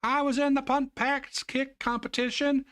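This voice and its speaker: A man voicing a grown woman who fondly recalls her childhood, in a raised, falsetto-like pitch. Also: level tone, moderate pace, a bit bright. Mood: nostalgic.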